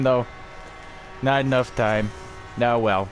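A man's voice: medium pitch, normal speed, soft background music. A young man giving live commentary on his own hockey video game, swearing and raging at his teammates. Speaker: gaming YouTuber.

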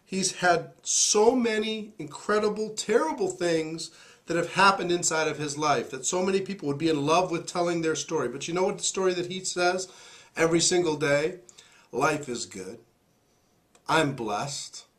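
Hoarse man giving a motivational talk. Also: high voice, normal speed, a bit bright. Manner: emphatic, preachy. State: hoarse, recovering voice. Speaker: host.

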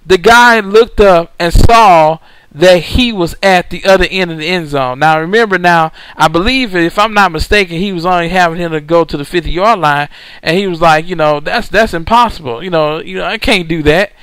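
A man's voice: high voice, normal speed, a bit bright, clean tone, no room sound, low-quality recording. A male preacher recording a sermon, telling a story with emphatic repetition.

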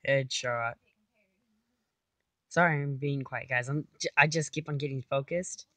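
A woman's voice: a bass voice, measured pace, sharp tone, no echo. A woman casually commenting on her own gameplay, chatty, talking to herself and repeating silly phrases. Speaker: gamer.

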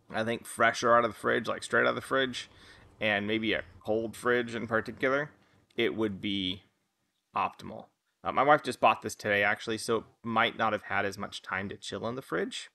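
Gravelly, bright-toned male beer reviewer. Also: on the low side. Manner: rambling, filler-heavy, chuckling. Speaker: beer reviewer, podcast host. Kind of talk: casual tasting review. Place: outdoors by a lawn.

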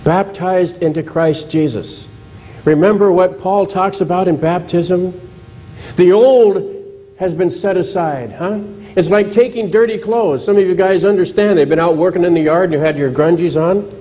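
A man's voice: sits high, normal speed, mellow, faint music behind, poor audio. A male pastor giving a church sermon in a conversational way, asking the congregation questions and retelling scripture with dramatized quotes.

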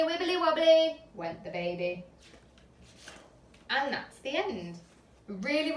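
A woman, a nursery teacher, reading a picture book aloud to young children with gentle, chatty asides. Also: a little high. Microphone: camera at a distance. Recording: echoey room, filmed from a distance.

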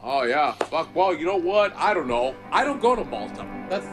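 A man on a podcast, ranting loudly with constant swearing and laughing. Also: a little high, very animated, normal speed, faint music behind. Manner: loud, swearing, laughing rant. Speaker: podcast co-host. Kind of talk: profane whiskey rant.

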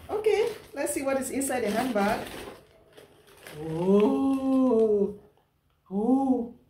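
A young woman with a Nigerian accent unboxes gifts in a casual vlog, mixing Pidgin into her English and laughing often. Her voice sits a little high and she talks slowly. The sound is roomy and a bit distant from the mic. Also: mellow, slight background noise. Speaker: vlogger. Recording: echoey room, voice off-mic.

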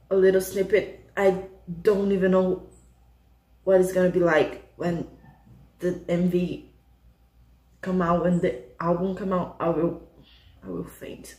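A woman hosting a K-pop reaction video, gushing with excitable, breathless exclamations as she reacts. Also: mid-range voice, roomy sound. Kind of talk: casual reaction commentary. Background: faint music from the clip.

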